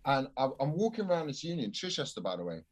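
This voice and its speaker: Animated comedian, swearing freely. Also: male voice, mid-range voice, racing. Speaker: stand-up comedian guest. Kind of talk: casual podcast chat, storytelling.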